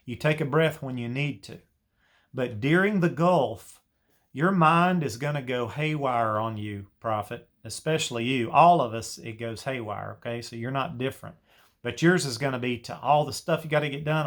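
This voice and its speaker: A man's voice: medium pitch, moderate pace, a bit bright. A man giving an earnest spoken devotional teaching, coaching listeners through a breathing prayer practice with many repeated phrases. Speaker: Christian teacher.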